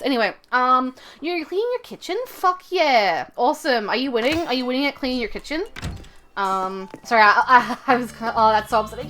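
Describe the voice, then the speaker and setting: A woman's voice: on the high side, animated, fairly quick, fairly bright tone, faint music behind. A woman from Australia, chatting casually on a live stream, rambling with lots of fillers and frequent swearing.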